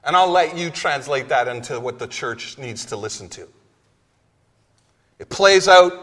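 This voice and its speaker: A man's voice: a little high, a bit bright. A male pastor preaching a sermon in a conversational, emphatic way, in a church. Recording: long hall reverb.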